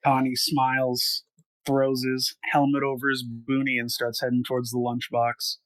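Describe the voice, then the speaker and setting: A man's voice: medium pitch, completely flat delivery, normal speed, fairly bright tone, no room sound. A man playing a tabletop game, chatting with eager, swearing enthusiasm. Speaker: player.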